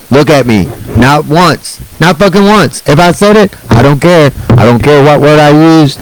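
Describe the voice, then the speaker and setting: A man's voice: mid-range voice, slight background noise, rough recording. A man, ranting through a sarcastic, profane stand-up set. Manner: angry, sarcastic and profane, with mocking put-on quotes. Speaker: stand-up comedian.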